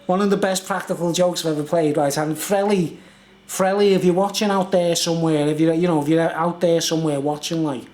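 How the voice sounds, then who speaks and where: Chatty man with a high voice. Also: darkish tone, roomy sound. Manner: chatty, laughs often, fills with "you know what I mean". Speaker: vlogger telling a story. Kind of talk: rambling casual storytelling.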